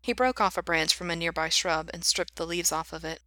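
A woman reading a fan fiction story aloud in an even, unhurried way. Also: on the low side, dry recording.

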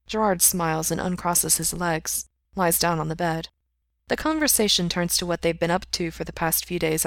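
Rich: A woman reading fiction aloud in a steady, plain way. Her voice sits on the low side. The recording is dry and close. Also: no room sound. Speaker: reader. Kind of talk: audiobook narration of fiction.

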